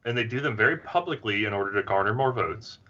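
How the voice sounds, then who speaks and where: A man's voice: lowish voice, lively intonation, fast talker, sharp tone, highs cut off. A man talking as a podcast guest, thoughtful and hedging, working his point out carefully. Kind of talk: casual podcast discussion.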